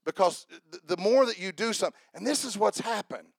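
A man's voice: high voice, lively intonation, fairly quick, vocal fry, dry recording. A man preaching a sermon to his congregation, joking and repeating himself as he talks to people in the room by name. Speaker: pastor.

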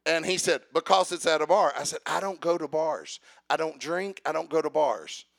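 High gravelly-voiced male preacher. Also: moderate pace. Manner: builds to loud preaching, calls for amen; acts out dialogue in storytelling. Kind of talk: sermon with personal story.

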